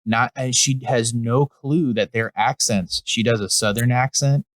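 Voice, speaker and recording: A man's voice: mid-range voice, unhurried, no room sound, poor audio. A young man co-hosting a comedy podcast, chatting casually, rambling and swearing freely with frequent laughs. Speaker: podcast co-host.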